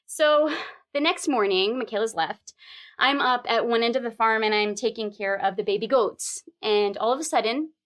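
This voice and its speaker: A woman tells a true story aloud with lots of animation, her voice already high and jumping higher still as the tension builds. She repeats phrases for rhythm and pushes the pace when things get tense. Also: normal speed, fairly bright tone. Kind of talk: live personal storytelling.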